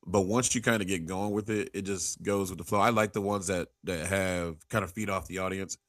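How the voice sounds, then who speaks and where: A man's voice: low voice, fairly even intonation, fairly quick, fairly bright tone, no echo, clean studio sound. A man hosting a podcast in casual chat, rambling through stories and acting out the people in them. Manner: rambling storyteller who acts out quotes, many restarts. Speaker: podcast host.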